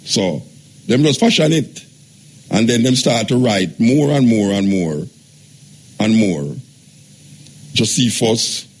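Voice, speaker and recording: A man's voice: mid-range voice, breathy edge. A man hosting a radio show. He talks in a loose, rambling way and repeats himself. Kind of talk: talk radio chat.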